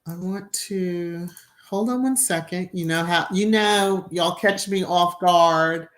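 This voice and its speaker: A middle-aged woman chats her way through a live stream, reading out viewer comments. Her voice sits low and her pace is slow and easy. She laughs readily and keeps breaking into short sung bits. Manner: chatty, laughs often, bursts into little sung phrases. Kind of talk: casual live-stream chat.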